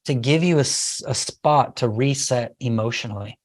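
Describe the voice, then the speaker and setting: Middle-aged guy on a podcast telling a parenting story, animated, acts out his kid's lines. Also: medium pitch, moderate pace. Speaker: guest speaker on parenting. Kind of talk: conversational podcast interview.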